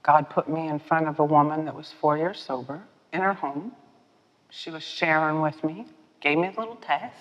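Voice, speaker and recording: An older woman speaking at a recovery meeting, telling her story in a lively, self-mocking way and laughing often. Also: low voice, normal speed. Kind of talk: personal storytelling talk. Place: meeting hall with podium. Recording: dull, echoey hall recording.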